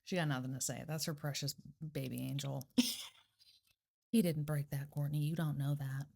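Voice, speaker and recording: Profane, animated young woman storyteller. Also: deep voice, normal speed, creaky, a little hiss or hum. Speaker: podcast co-host. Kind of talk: casual true-crime podcast chat.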